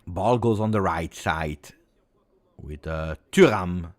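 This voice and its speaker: Excitable man calling a match. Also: low-pitched, takes it slowly. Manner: excitable play-by-play with Italian exclamations. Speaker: football watch-along streamer. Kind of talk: live match reaction commentary.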